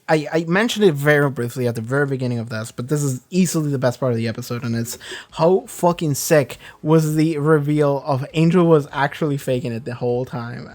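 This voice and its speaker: A man hosting a reaction channel, rambling casually about a TV episode with frequent swearing and animated asides. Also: a little high. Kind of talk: casual commentary.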